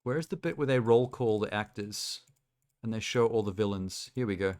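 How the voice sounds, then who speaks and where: Male streamer, slightly low voice, loose rambling chat reacting to trailers with easy laughs. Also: moderate pace, darkish tone. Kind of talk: casual live-stream chat. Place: home streaming setup.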